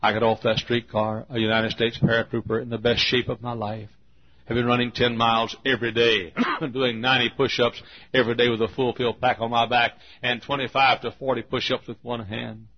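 A man's voice: mid-range voice, little pitch movement, a little fast, husky. A man in his fifties preaching a sermon, telling a folksy personal story and rising into fervent exhortation. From Texas. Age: 50s. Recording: dull lo-fi sermon recording.

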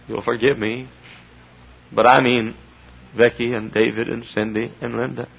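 A middle-aged man preaching as a Baptist pastor, impassioned, dropping to low asides and rising to shouts. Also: level tone, moderate pace, vocal fry, long pauses, slight background noise. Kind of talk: sermon. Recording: dull lo-fi recording.

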